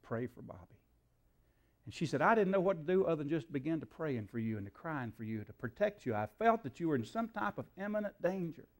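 A man's voice: a little high, very animated, fast talker, hardly any pauses. A man, a preacher telling a story in a sermon in a folksy way, acting out the dialogue, with frequent fillers.

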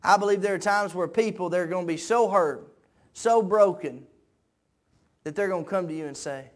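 A pastor preaches a sermon, building from quiet conversational talk to shouted peaks and repeating phrases in a preacher's cadence. His voice is high and his speed normal.

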